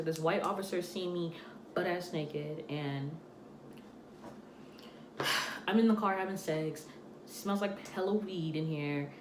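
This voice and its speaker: A young woman telling a storytime tale in a casual, animated way, acting out the voices of the people in it. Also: sits low. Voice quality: animated, acts out quoted voices. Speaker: storytime vlogger. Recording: echoey room, faint noise.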